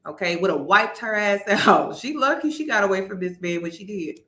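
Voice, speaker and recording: A woman hosting a reaction commentary, animated, laughing and restarting her sentences. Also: mid-range voice, brisk, few pauses, echoey room. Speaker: commentary host.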